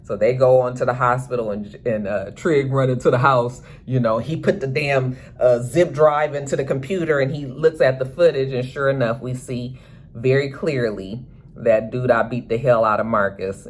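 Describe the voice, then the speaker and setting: A woman's voice: very deep voice, moderate pace, a little hiss or hum. A woman vlogger giving a casual, sassy recap of a TV episode, chatting to her viewers and slipping into character voices.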